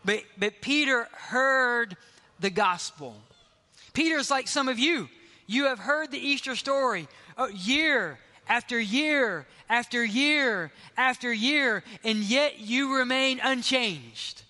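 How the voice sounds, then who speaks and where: A man preaching a sermon as pastor, emphatic, slowing down on key phrases. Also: extremely high pitch, animated, bright, forceful tone, big-room sound.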